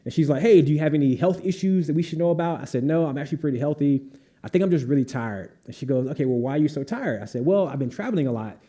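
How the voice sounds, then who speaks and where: Animated man telling a comic story. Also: a little high, rapid-fire. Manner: animated storyteller, acts out voices, laughs often. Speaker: author on a panel. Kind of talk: anecdote telling at a live event.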